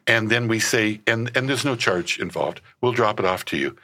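Ministry leader in an interview, male, low-pitched, forceful delivery, animated storyteller. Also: normal speed. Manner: acts out conversations, animated storyteller.

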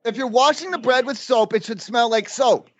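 A man's voice: very high-pitched, normal speed, a bit bright, highs cut off, a little hiss or hum. A man making a prank call, rambling and arguing in an overwrought way. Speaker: prank caller.

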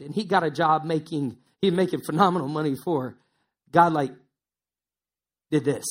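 A man's voice: a little high, moderate pace, long pauses. Man preaching a conversational sermon. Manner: conversational, repeats words for emphasis. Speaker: pastor.

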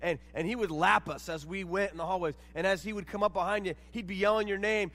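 A man with a high voice delivers an earnest sermon, often stumbling over repeated words as he restarts his sentences. He is recorded in a church, and a long reverb trails after his voice. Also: fast, few pauses, fairly bright tone. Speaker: church leader. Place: church sanctuary.

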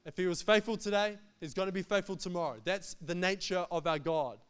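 Male pastor, emphatic sermon delivery, higher voice. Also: a little fast, fairly bright tone, clear, resonant tone. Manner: emphatic, repetitive, jokes between points.

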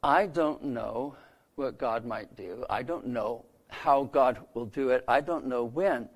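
A man preaching a sermon who retells scripture stories, lifting his voice for quoted lines and dropping soft and low to land a point. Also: takes it slowly. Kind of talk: sermon storytelling.

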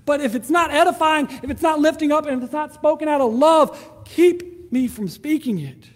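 A man's voice: very high voice, normal speed, long reverb tail. A man preaching a sermon in a conversational way, acting out prayers and quoted voices. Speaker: pastor.

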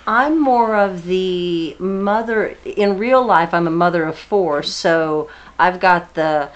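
A woman who is a mother of four and a stage actor, chatting in a lively way about her part. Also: on the low side, slow, highs cut off. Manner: lively, laughing. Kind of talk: casual interview chat.

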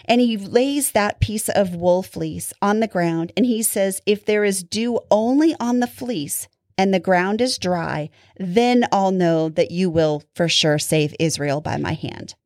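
A woman teaches a Bible story in a relaxed, chatty way, breaking into little laughs and playing out prayers in her own voice. Her voice sits at a middle pitch. It is recorded close and dry, with no room sound. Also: no echo. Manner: warm, often laughs, acts out prayers in quotes.

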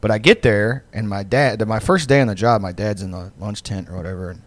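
A man's voice: lowish voice, brisk, dry recording. A man co-hosting a podcast in casual chat, rambling and profane with lots of fillers, laughing often. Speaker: podcast co-host.

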